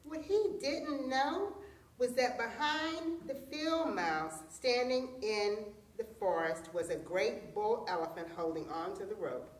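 Expressive woman reading a folktale. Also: fairly high pitch, slow. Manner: expressive storytelling. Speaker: storyteller. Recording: roomy echo, distant mic.

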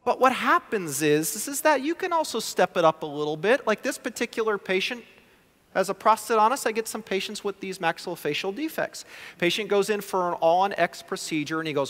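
Animated man lecturing in a reverberant hall. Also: high voice, a little fast. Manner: animated, acts out patient quotes. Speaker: guest lecturer, prosthodontist. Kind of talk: conference talk.

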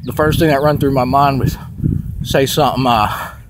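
A man's voice: medium pitch, steady tone, normal speed, background noise. A man telling a dream in a rambling, profane casual monologue, laughing often.

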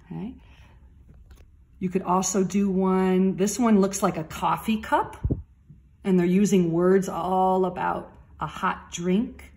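Gentle woman teaching young children. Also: mid-range voice. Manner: gentle, slow and explaining, stresses key words. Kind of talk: recorded lesson for children.

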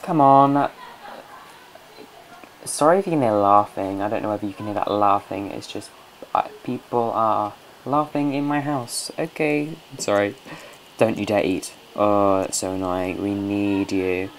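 A man's voice: lowish voice, moderate pace, a little hiss or hum. A man hosting a casual gameplay commentary from home, chatty, coaxing and scolding his game characters. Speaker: let's play host.

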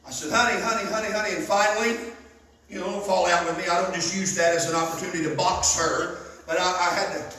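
A man preaching a sermon, telling stories fervently and bursting into loud emphasis. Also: sits high, fairly even intonation, fast talker. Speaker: pastor. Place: church sanctuary. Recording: echoey church hall, mic at a distance.

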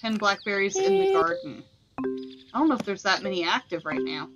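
A woman's voice: medium pitch, huge pitch swings, fairly quick, dull audio, over loud music. A woman streaming a video game, chatting casually to herself and scolding the creatures on screen. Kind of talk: casual gameplay commentary.

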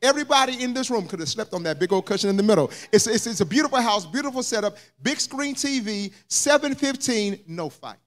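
A man's voice: high-pitched, expressive, fairly quick, few pauses, fairly bright tone. A man preaching a sermon as pastor, telling a story that builds into fervent, rising preaching. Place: church sanctuary.

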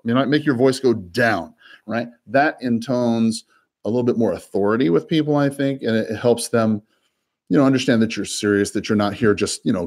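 Guy broker coaching on cold calls, talks quick, repeats himself, laughs a lot. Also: mid-range voice, darkish tone. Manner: fast, repeats words, laughs often. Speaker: real estate broker.

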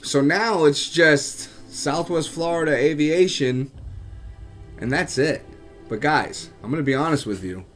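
A man vlogging casually to camera about his urban exploring, chatty and animated, often calling out to his viewers. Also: on the high side, a little slow, faint music behind. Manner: animated, chatty, keeps addressing viewers as guys.

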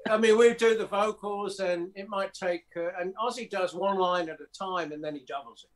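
A man's voice: high-pitched, moderate pace. A man, a record producer, telling studio anecdotes in a casual interview, with loose fillers and restarts. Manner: anecdotal, acts out quotes, many fillers and restarts.

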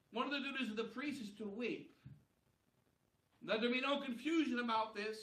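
High bright-voiced preacher in an echoey church. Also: male voice. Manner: emphatic repetition, rising and falling for stress. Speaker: priest preaching at a Solemn High Mass. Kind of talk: sermon. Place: large church. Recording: echoey church heard from a distance.

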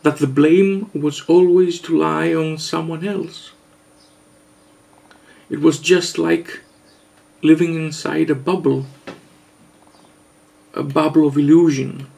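A man vlogger giving a mock-serious confession, halting and hesitant, earnest and overwrought. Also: a little high, fairly even intonation, gravelly, a little mellow. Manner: halting, hesitant, with long pauses.

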